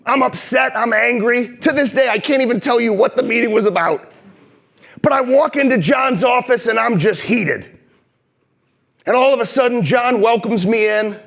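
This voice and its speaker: A man in his thirties from St. Louis, delivering a motivational keynote on stage and telling stories with swings from heated and loud to hushed and slow. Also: very high-pitched, creaky. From St. Louis, Missouri. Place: conference stage before a live audience.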